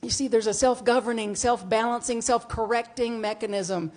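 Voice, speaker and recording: A middle-aged woman minister, giving a conversational sermon with animated storytelling that moves between hushed reflection and playful bursts. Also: a little high, normal speed.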